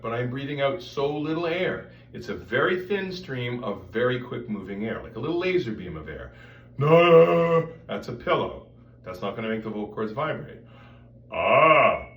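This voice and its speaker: A man leads a voice lesson, explaining each step and stopping to demonstrate sounds. His pitch moves freely, sitting in the middle of the range. The recording is roomy and picked up from a distance, with faint noise behind him. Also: fairly bright tone, highs cut off. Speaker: voice teacher. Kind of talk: vocal technique lesson with demonstrations.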